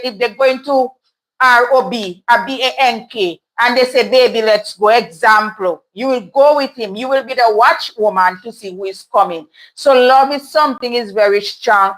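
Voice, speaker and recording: Woman, livestream host, candid and chatty, a little higher voice, reads chat aloud and riffs on it. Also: fairly bright tone, low-quality recording. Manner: candid, chatty, laughs often. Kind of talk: casual live chat. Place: home in Toronto.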